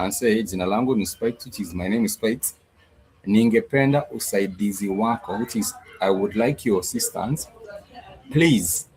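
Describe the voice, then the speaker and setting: A man teaching a language lesson in a slow, repetitive way, with many fillers and pauses. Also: on the low side, a little mellow, poor audio. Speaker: Swahili teacher.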